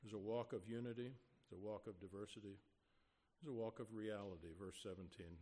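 A man preaching a conversational sermon, repeating rhetorical questions and sometimes dropping to a soft, quiet tone. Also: on the low side, fairly even intonation, fairly quick.

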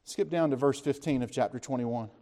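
A man preaching a sermon, retelling scripture as a story, asking his listeners questions and lifting his voice when he speaks the disciples' lines. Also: brisk. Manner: animated storytelling, voices the disciples' words with rising pitch; conversational, asks the listeners questions.

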